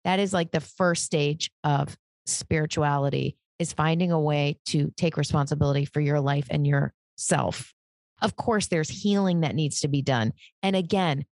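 Gravelly low-voiced woman telling stories. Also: dry recording, clean studio sound. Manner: animated, acts out voices in her stories. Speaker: psychic medium guest. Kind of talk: casual interview storytelling.

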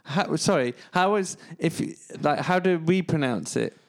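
A man's voice: fairly high pitch, animated, measured pace, vocal fry. A man co-hosting a casual podcast, hesitant and self-deprecating as he talks. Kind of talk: casual chat.

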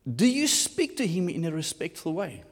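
A man with a South African accent preaching a sermon, animated and switching between English and Afrikaans. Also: on the high side, normal speed, in a large hall. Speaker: pastor.

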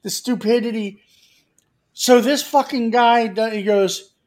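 A man with a high voice hosts a radio talk show and spins a long, swear-filled story. He acts out each person's lines as he tells it. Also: measured pace. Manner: animated, acts out other people's lines. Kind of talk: profane storytelling chat.

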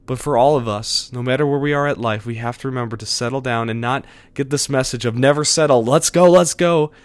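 A man hosting a podcast episode, giving an earnest, conversational devotional talk with soft chuckles. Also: medium pitch, steady tone, fast talker, clear, resonant tone.

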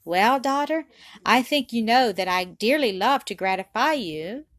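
A woman reading aloud voices a gentle but firm father who speaks fondly and in measured tones. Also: on the high side, animated, no room sound. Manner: fond, measured. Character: fond, stern Victorian father, gentle and firm.

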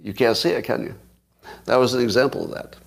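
A man's voice: mid-range voice, fast, creaky. A man in his sixties hosting a casual livestream, chatting and laughing as he tells stories to viewers. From United States. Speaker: podcast host.

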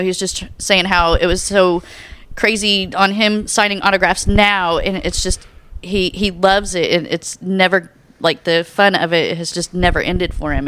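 A woman tells a story in a casual podcast chat. She is excitable and laughs often. She slips into little voices when she quotes people. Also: fairly low pitch, clean tone.

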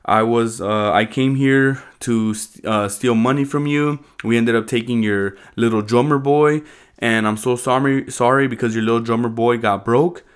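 Remorseful young woman, tearful and halting, pleading for forgiveness , as a man retells it in his own voice. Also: medium pitch, fairly even intonation, clean tone, lightly acted. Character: remorseful young woman apologizing through tears.

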